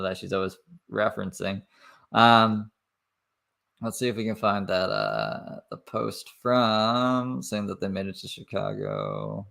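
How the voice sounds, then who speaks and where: Casual reaction streamer from Canada, gravelly, lower-pitched man, lively delivery. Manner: casual, swears, laughs between remarks.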